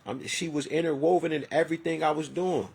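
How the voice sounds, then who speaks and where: A man's voice: a little high, fairly even intonation, fairly quick, gravelly, darkish tone, husky. A man in his forties talking in a rambling, profane, heartfelt personal monologue. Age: 40s.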